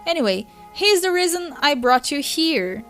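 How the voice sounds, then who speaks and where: A woman with a Brazilian Portuguese first language voicing a patient teenage girl who calms and coaxes a crying friend. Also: high voice, normal speed, soft background music. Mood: coaxing. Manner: soothing, coaxing.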